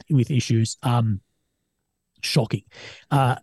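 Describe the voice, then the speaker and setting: A man's voice: a little high, a little fast, husky, no room sound. A young Australian man, an army veteran guest, talking casually and swearing often as he acts out what other people said. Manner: swears a lot, animated retelling of others' words. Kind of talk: casual interview talk.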